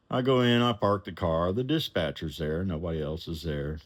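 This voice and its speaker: Deep-voiced man telling a personal story. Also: moderate pace, hardly any pauses. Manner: animated, acts out the voices, chuckles while telling.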